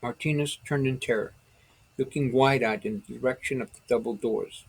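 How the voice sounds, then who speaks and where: Man narrating his own book, steady dramatic telling, raspy, gravelly. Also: medium pitch, normal speed, rough recording. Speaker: author reading his own novel. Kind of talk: audiobook narration.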